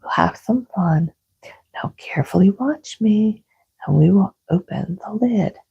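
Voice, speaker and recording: A woman's voice: medium pitch, expressive, unhurried, vocal fry, husky, no room sound, muffled recording, exaggerated voice. A woman voicing a playful young mother coaxing her son, in a whispered role-play.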